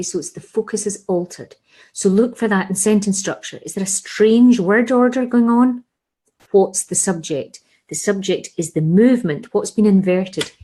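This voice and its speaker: Woman teaching in a mellow voice. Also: lowish voice, husky, low-quality recording. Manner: explains patiently, repeats key points, asks rhetorical questions. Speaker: English teacher. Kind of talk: exam revision lesson.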